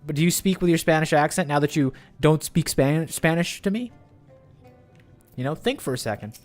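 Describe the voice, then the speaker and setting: A man's voice: a little high, moderate pace, soft background music. A man streaming a game, chatting playfully and animatedly with friends. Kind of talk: casual chat while playing a game.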